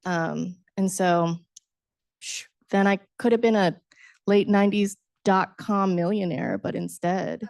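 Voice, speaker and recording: A middle-aged woman, a book author, telling a lively personal story at a book talk, laughing often and acting out her younger self. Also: fairly low pitch, measured pace, vocal fry, no echo, clean studio sound. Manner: animated, acts out her past self, laughs often, says "right?". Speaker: author guest.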